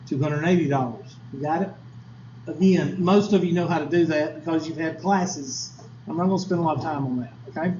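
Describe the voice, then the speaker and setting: A man's voice: on the high side, a little mellow, slight background noise. A man teaching statistics in a classroom lecture, folksy and chatty, quizzing his students with asides. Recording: echoey lo-fi classroom recording.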